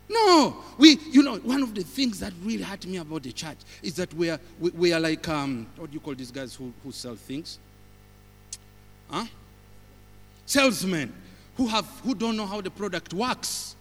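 A high-voiced man with a Ugandan accent preaches as a visiting pastor, his voice rising and falling widely as he tells humorous stories. The sound has a long church reverb that trails after each phrase. He keeps an animated, storytelling manner throughout. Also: measured pace. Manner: animated, humorous, stops to laugh. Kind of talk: sermon with storytelling.

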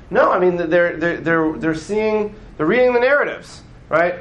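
A man teaching a class as a rabbi, in casual classroom style, animated and often checking in with his listeners. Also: sits high, normal speed, hardly any pauses, reverberant, muffled recording. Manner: animated, acts out voices of the story, frequent "right?".

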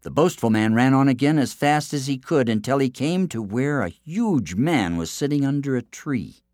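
A man narrating a children's folk tale in an expressive storybook style. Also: medium pitch, moderate pace, no echo, clean studio sound. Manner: expressive, lively reading aloud.

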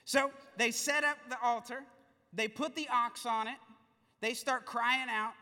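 A man preaching to a congregation, his high voice carrying through a large church hall. He tells the story in a lively, playful way, and the sound is bright with a long echo trailing off. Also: a little slow. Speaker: pastor. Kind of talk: sermon.

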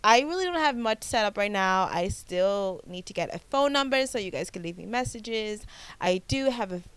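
A woman in her twenties from the United States, hosting her own podcast in a casual, animated chat with frequent restarts. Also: mid-range voice, moderate pace, clean tone. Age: 20s. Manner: chatty, animated, repeats herself and restarts often. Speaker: podcast host.

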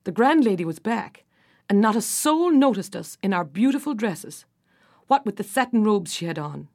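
A woman's voice: mid-range voice, big pitch swings, moderate pace, darkish tone. A woman voicing two jealous older sisters in a storybook, complaining and indignant. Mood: aggrieved.

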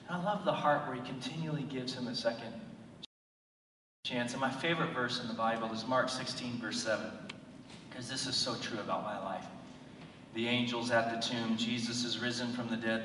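A man preaching a sermon as pastor, emphatic at times and quiet and intimate at others. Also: mid-range voice, fairly even intonation, normal speed, noisy background. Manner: emphatic, swings from loud declaring to quiet, intimate storytelling. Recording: echoey hall, mic at a distance.

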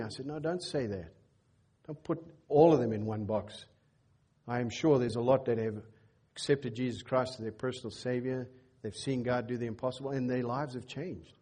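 Husky, mellow-voiced storytelling pastor. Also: male voice. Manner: animated storyteller, acts out dialogue with lifted pitch. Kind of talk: sermon storytelling. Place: church.

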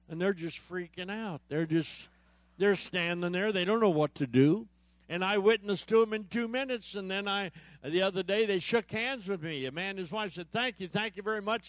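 A man's voice: high voice, moderate pace, dry recording. A male guest preacher giving a humorous sermon at a church service. He tells jokes, acts out the dialogue in his stories and calls out to the audience for responses. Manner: joke-telling storyteller, acts out dialogue.

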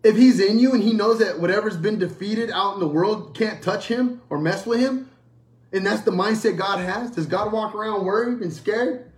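A man's voice: sits high, moderate pace, a little mellow, echoey room. A man preaching a sermon, emphatic and repetitive, firing off rhetorical questions. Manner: emphatic, repeats phrases and asks rhetorical questions.

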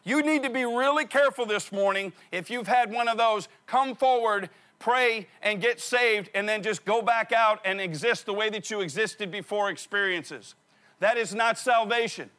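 Pastor guy, high bright voice, preaching and repeating lines hard. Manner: animated storytelling, repeats phrases for emphasis. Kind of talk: sermon.

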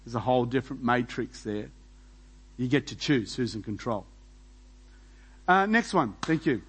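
A man preaching a sermon as pastor, animated and full of rhetorical questions, laughing between points. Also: medium pitch, moderate pace, breathy edge, poor audio.

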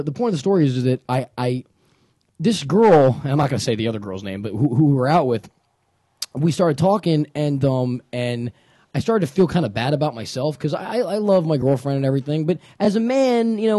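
Fast-talking young man telling a story. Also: fairly high pitch, animated, dark tone, no echo, clean studio sound. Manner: rambling, self-deprecating, restarts often. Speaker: podcast co-host. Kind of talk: casual chat, storytelling.

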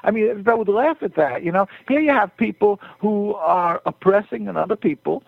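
A man who is a rabbi, speaking as a guest on a radio interview by phone, earnest and halting, with many restarts. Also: high voice, gravelly, dry recording. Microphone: telephone. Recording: tinny phone line, dry.

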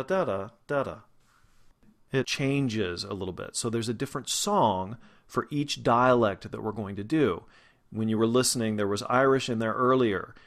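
Brief: male dialect coach, mid-pitched voice, steady, explanatory lesson delivery. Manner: explanatory, steady, methodical teaching. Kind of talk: video lesson addressed to students.

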